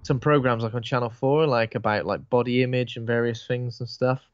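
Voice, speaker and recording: A man's voice: mid-range voice, fairly even intonation, brisk, no room sound. A man talks casually through a film scene by scene, joking as he goes. His voice sits in a middle range. The recording sounds muffled and lo-fi, with a dry, close feel. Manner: jokey, slips into put-on Northern and Scottish voices.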